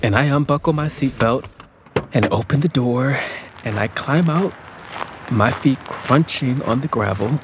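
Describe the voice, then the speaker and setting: A man's voice: medium pitch, measured pace, noisy background, close to an everyday voice. A young man narrating his own story in an audio drama, reflective and subdued. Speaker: narrator and lead character.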